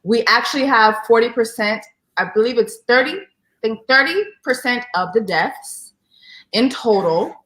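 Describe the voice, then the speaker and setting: A woman's voice: on the high side, animated, unhurried, fairly bright tone. A woman guest chatting playfully from her home over a video call, slangy and breaking into sung snippets. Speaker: guest judge. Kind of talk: casual chat. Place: home in New Jersey. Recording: roomy home echo.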